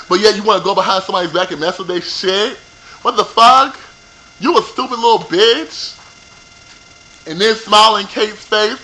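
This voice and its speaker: A man recapping a reality TV episode for his viewers in a profane, animated rant, talking straight to them. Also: high-pitched, normal speed, a little hiss or hum, poor audio. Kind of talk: ranting show recap.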